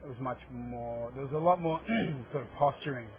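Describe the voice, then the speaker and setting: A man's voice: medium pitch, normal speed, a crowd in the background. A man in his thirties with an Australian accent, an actor answering interview questions in a rambling, hesitant way with many restarts. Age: 30s. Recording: tinny phone-like audio, faint hiss.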